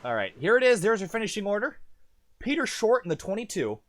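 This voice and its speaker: A man calling an online truck race as lead commentator, chatty and self-deprecating, jumping up in pitch when the action picks up. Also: very animated, quick pace, dry recording. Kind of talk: sim racing play-by-play commentary.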